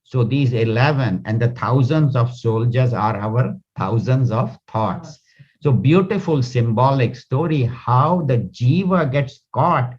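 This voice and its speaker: A man giving a talk on scripture, retelling a parable in loose, halting sentences. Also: medium pitch, expressive, a little mellow. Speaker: spiritual teacher. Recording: dull lo-fi recording.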